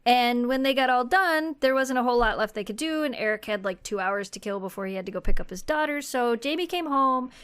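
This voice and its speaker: A woman's voice: a little high, fairly quick, few pauses, a bit bright, clear, resonant tone. A woman co-hosting a podcast, telling long casual stories in a rambling, chatty way. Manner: rambling anecdotal storytelling. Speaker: podcast co-host. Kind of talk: casual chat.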